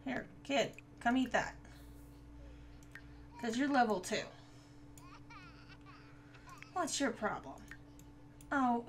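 Slow-talking woman chatting over a game. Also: on the high side. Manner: chatty, talks to the viewers and to the game characters. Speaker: gaming video creator. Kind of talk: casual gameplay commentary.

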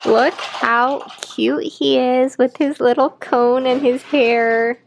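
A woman's voice: sits high, fairly even intonation, slow pace, vocal fry, a little hiss or hum. A young woman in her twenties chatting in a casual home vlog, cooing baby talk to her dog. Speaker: vlogger. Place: home, indoors.

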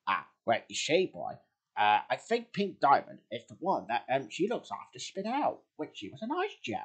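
Brief: man voicing a stern, husky bear father in a homemade story. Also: medium pitch, wildly swooping pitch, moderate pace, heavily acted. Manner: gruff, scolding.

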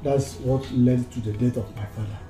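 A Nigerian man acting as a middle-aged father who tells his family's history in a slow, solemn way, in a film. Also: medium pitch, steady tone, lightly acted. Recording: film audio with faint music.

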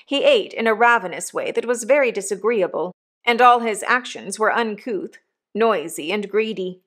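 A woman narrating an audiobook of a classic novel in a measured, even storytelling manner. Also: mid-range voice. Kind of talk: scripted narration.

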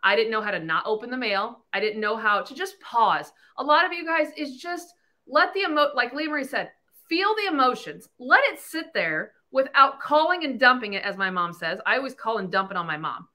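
A woman's voice: a little high, brisk. A woman in her thirties hosting a podcast, telling her story bluntly and candidly, with lots of swearing. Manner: blunt, profane, animated storytelling. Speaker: podcast host. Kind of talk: candid casual talk.

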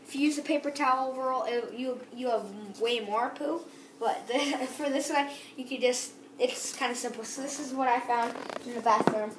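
A woman's voice: sits high, steady tone, moderate pace, reverberant, background noise. A young female vlogger chatting through a how-to video at home, rambling with ums and restarts. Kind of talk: casual how-to vlog. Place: house, bathroom.

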